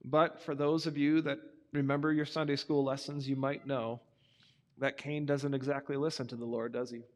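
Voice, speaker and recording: A man preaching to young people, retelling a story in a conversational, animated way and acting out the characters. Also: mid-range voice, moderate pace, big-room sound.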